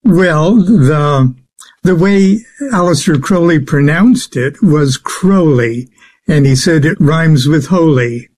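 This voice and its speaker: A man answering interview questions as a guest, speaking haltingly with many filler sounds. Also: fairly high pitch, a little mellow. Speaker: guest expert on the occult.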